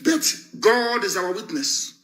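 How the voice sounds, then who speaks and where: A man's voice: high voice, lively intonation, slow pace, a bit bright. A man with a Nigerian accent giving an impassioned live address, fiery and scornful, repeating phrases for emphasis. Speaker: broadcaster addressing followers.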